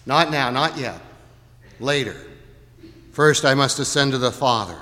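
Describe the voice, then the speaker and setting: A man quietly plays a calm, gentle savior who speaks low and hushed. The tone is bright, and it rings with a long church reverb. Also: unhurried. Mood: tender.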